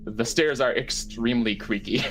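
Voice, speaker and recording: A man's voice: medium pitch, normal speed, a bit bright, soft background music, low-quality recording. A man running a tabletop game as game master, describing rooms with lots of fillers and self-corrections.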